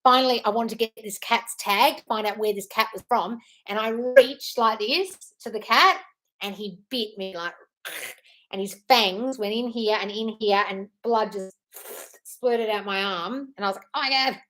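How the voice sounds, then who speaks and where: A woman's voice: mid-range voice, normal speed, a bit bright, slight background noise. A woman hosting a casual live stream, chatting in a scattered, apologetic way while answering viewer comments.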